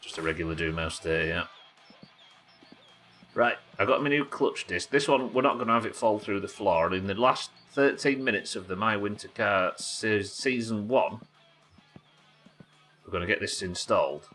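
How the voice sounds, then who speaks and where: Chatty streamer with a forceful voice. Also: male voice, fairly low pitch, normal speed, soft background music. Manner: chatty, rambling, chats with viewers. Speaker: live streamer. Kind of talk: casual gaming commentary.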